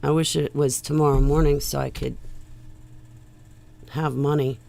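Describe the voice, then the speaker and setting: A woman vlogger talking loudly in a rambling monologue that jumps from one tangent to the next. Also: sits low, level tone, a little slow, creaky, noisy background. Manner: loud, rambling, jumps between topics.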